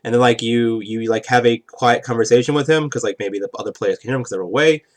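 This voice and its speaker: A man's voice: medium pitch, steady tone, quick pace. Rambling man explaining game rules. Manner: rambling, keeps asking "right?". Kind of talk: casual explanation at a game table.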